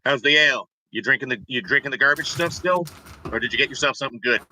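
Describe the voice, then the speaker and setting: A man playing a wry, bright-voiced fighter. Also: mid-range voice, fast, slight background noise, rough recording. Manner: dry, joking understatement. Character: tough male adventurer, wry and blunt.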